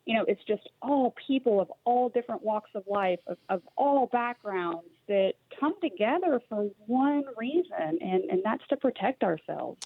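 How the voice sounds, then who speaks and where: A woman's voice: fairly high pitch, lively intonation, normal speed, few pauses, dry recording. A woman from Tennessee with a light Southern accent, a guest talking earnestly in a casual interview with some fillers and restarts. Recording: dry tinny phone-like line.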